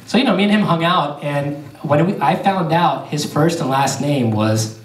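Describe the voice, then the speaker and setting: Man, stand-up comedian, animated storytelling, slightly high voice, distant, echoey theater, faint noise. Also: moderate pace. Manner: animated storytelling, crowd work. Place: theater stage before a live audience. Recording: echoey theater heard from afar. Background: audience laughter.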